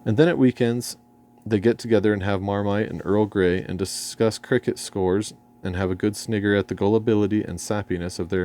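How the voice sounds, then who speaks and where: A man's voice: sits low, vocal fry, mellow. An English man reading his own memoir aloud in a dry, ironic, erudite manner, sometimes stumbling over a word. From England. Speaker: memoir narrator.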